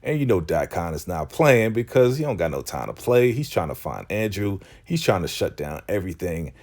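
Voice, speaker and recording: A man with a low, deep voice recaps a TV episode in a loose, slangy way. He keeps slipping into the characters' lines as he talks. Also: sing-song, fairly quick, a little mellow. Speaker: TV recap YouTuber.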